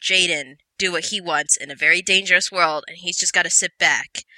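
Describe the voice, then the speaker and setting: Bright-voiced sarcastic woman. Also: on the low side, a little fast, no room sound, rough recording. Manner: sarcastic, laughs often. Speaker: podcast co-host. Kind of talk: casual movie review chat.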